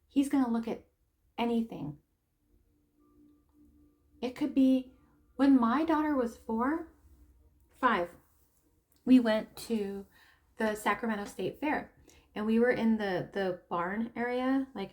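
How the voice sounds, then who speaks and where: A woman talking casually to camera, telling a story in an animated way and often stopping to laugh and add asides. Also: a little high. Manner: animated storytelling, acting out quoted people. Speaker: tarot reader and spiritual coach. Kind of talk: casual opinion monologue.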